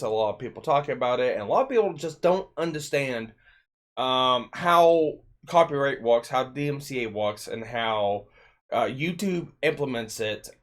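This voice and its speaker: A man with a lisp, hosting an opinion commentary channel and talking in an emphatic, heated way with some swearing. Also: mid-range voice.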